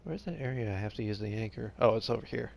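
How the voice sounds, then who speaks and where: Fast and creaky, this lowish, darkish voice still carries lively intonation, with slight background noise behind it. The tired streamer rambles through casual live gameplay talk, reads the game text aloud, and breaks off mid-sentence.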